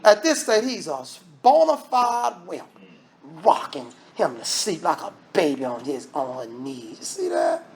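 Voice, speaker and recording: A man preaching a lively sermon, firing off rhetorical questions and acting out voices. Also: on the high side, a little slow, slight background noise.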